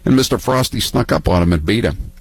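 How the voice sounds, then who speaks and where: Older guy rambling through stories, husky low voice, keeps restarting, dry close sound. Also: expressive, dry recording. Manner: rambling, halting, many restarts and fillers. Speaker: political talk guest. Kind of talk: casual political storytelling.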